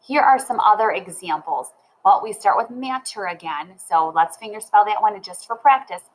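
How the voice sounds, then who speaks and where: A woman teaching a phonics lesson to young children, sounding out word parts slowly and clearly. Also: medium pitch, expressive, poor audio.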